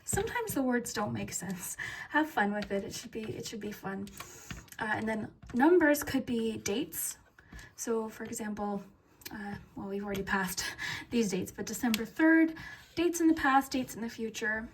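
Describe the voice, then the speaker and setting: A woman's voice: a little high, lively intonation, normal speed, a little hiss or hum. A young woman giving a casual tarot reading, giggly and flustered, with many fillers and restarts. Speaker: tarot reader.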